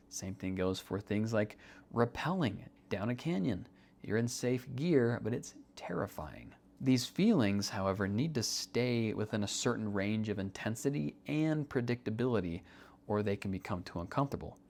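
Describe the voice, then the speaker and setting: A man's voice: on the low side, darkish tone. A young man hosting a self-help podcast, explaining ideas in an earnest, conversational way and repeating key points for emphasis. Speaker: podcast host. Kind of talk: earnest podcast teaching monologue.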